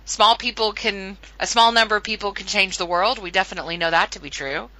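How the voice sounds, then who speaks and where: A woman's voice: mid-range voice, fairly quick, sharp tone, dry recording, rough recording. An American woman hosting a radio interview, friendly and a little hesitant, with many fillers. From United States. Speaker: podcast host.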